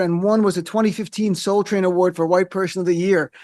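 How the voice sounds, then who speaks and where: A male radio host leading a casual panel chat, wry and sarcastic, with quick asides. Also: high voice, level tone, a little mellow.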